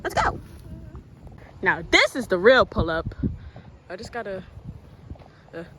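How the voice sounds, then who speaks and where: A woman's voice: medium pitch, sing-song, slow, sharp tone, slight background noise, poor audio. A woman giving playful, dramatic commentary on a game video, giggling, squealing and bossing her friend around. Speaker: gaming video creator.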